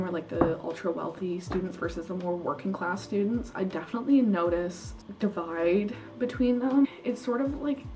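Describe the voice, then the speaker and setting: A woman's voice: mid-range voice, a little mellow, recorded from a distance, slight background noise, low-quality recording. A young woman from Canada, an international student vlogger, telling stories in casual chat that is full of "like" and fillers. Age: young adult. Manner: chatty, filler-heavy storytelling with lots of "like".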